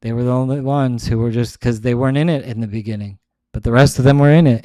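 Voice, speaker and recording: A man's voice: mid-range voice, fairly even intonation, quick pace, dark tone, dry recording. Rambling male host, dry sound. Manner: rambling, restarts often, many "like"s. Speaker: show host. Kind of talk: casual rambling monologue.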